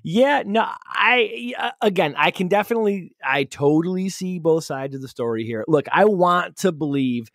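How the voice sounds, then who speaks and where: A man's voice: high-pitched, lively intonation, moderate pace, creaky, few pauses, fairly bright tone, no echo, studio quality. A man co-hosting a podcast in casual chat, joking and teasing his partner. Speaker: podcast co-host.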